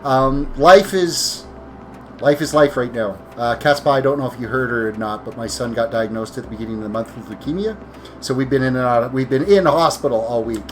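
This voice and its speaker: Fast-talking and mid-range in pitch, this tired streamer plays a video game live over soft background music. He casually chats with viewers, rambling along and correcting himself.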